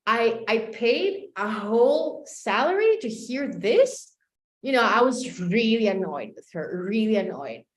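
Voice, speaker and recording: A woman life coach tells a personal story in a lively, expressive way, acting out each exchange. Her voice sits a little high and ranges widely. The room gives her voice a clear echo. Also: unhurried. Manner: animated storyteller acting out dialogue. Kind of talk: motivational storytelling talk.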